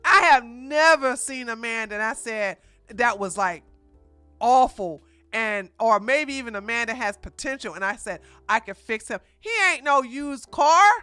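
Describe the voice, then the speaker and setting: A woman streamer with a fairly high, bright, forceful voice delivers casual reaction commentary. She talks bluntly and with heavy emphasis. The sound is close and dry. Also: unhurried, clean tone, dry recording, soft background music. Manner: blunt, emphatic, slangy preaching.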